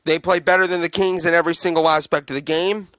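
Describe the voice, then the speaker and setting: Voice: medium pitch, fairly even intonation, fast talker, fairly bright tone, no room sound. A sports podcast host giving an opinionated, emphatic take on a basketball game, repeating points for force. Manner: emphatic and repetitive, hammering points home; fan venting, then reading out game stats.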